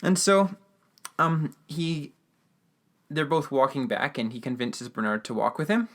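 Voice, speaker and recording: A man's voice: fairly high pitch, lively intonation, measured pace. A man hosting a podcast, giving a casual, rambling recap of a radio drama episode with lots of fillers and restarts. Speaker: podcast host.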